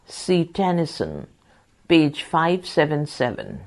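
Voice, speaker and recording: A woman's voice: low-pitched, very animated, slow pace. A woman reading exam questions and answers aloud in a methodical way, speaking the punctuation and quote marks and spelling out difficult terms letter by letter. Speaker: volunteer reader.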